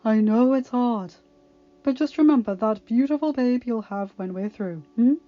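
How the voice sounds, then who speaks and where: A woman's voice: on the high side, normal speed, lo-fi sound, close to an everyday voice. A woman voicing a kind, motherly older midwife who soothes a young mother in labor, in a storybook reading. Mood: encouraging. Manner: soothing, gentle.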